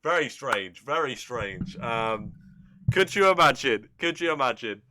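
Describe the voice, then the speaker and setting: A man's voice: mid-range voice, lively intonation, measured pace, bright, forceful tone, a little hiss or hum. A man hosting a casual livestream commentary, incredulous and sarcastic, swearing freely.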